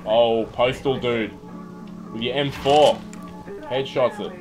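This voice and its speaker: A man's voice: medium pitch, steady tone, slow, poor audio. Sweary man streaming a shooter. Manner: casual, sweary, yelps when things go wrong. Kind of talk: live gameplay commentary. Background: game music and gunfire.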